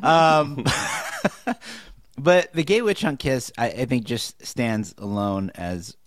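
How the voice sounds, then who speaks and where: A man co-hosting a podcast, talking casually with wry deadpan asides and frequent laughter. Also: mid-range voice, slow, no room sound, clean studio sound. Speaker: podcast co-host. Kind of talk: casual chat.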